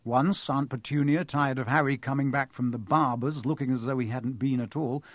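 A man reading a novel aloud as an audiobook, in an expressive, animated storytelling manner. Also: mid-range voice, no room sound. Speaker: narrator. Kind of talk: audiobook narration.

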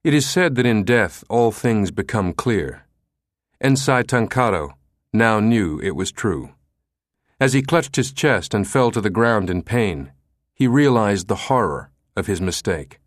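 Male audiobook narrator, low voice, very animated delivery, dry close sound. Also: unhurried, no room sound. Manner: lively, expressive reading that shifts pitch for each character.

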